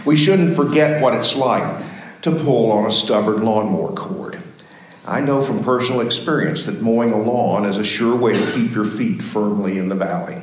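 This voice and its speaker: Storytelling pastor in an echoey church. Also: male voice, medium pitch. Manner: folksy storyteller, animated in jokes. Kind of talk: sermon with storytelling.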